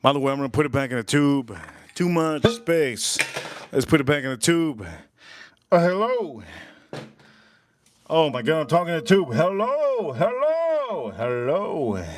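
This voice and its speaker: A man's voice: mid-range voice, a little fast, slight background noise. A man hosting a casual live cooking and whiskey stream, rambling, repeating lines and laughing at his own stories. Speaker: livestream host. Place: home kitchen or backyard, filming point of view.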